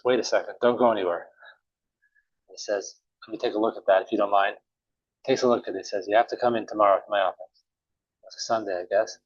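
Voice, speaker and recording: A man teaching a morning Talmud class, telling a story casually with many pauses and restarts. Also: fairly low pitch, no echo. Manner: relaxed, halting, many uhs and restarts. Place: synagogue or study room. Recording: dull, dry recording.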